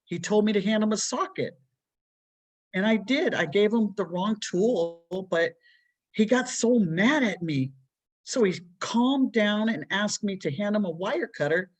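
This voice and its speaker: A woman's voice: mid-range voice, lively intonation, a little slow, voice pushed up. A woman voicing an upset young boy who blames himself for trouble at home, speaking tearfully. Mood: sad. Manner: tearful, pleading.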